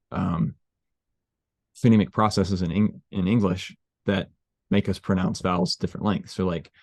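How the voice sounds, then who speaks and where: A man with a low voice, hosting a casual interview. He talks in a relaxed, chatty way and thinks out loud with plenty of fillers. The recording is dry and close. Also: no room sound. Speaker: interviewer, host.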